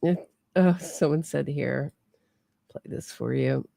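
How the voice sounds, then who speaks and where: A woman's voice: low voice, slow pace, gravelly, warm tone, no room sound. A woman hosting a true crime livestream, chatting casually and answering her viewers. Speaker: true crime podcast host.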